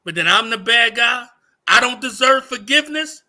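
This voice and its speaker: A man's voice: very high voice, expressive, moderate pace, pushed and bright. A man hosting a livestream, ranting angrily and profanely, repeating himself for emphasis. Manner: profane, heated, repeats phrases. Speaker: livestream host. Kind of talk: angry livestream rant.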